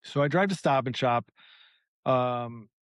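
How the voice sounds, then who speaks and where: With a mid-range voice and a measured pace, a podcast co-host spins a long story in a loose, animated way, acting out its characters and swearing freely. The recording has no room sound.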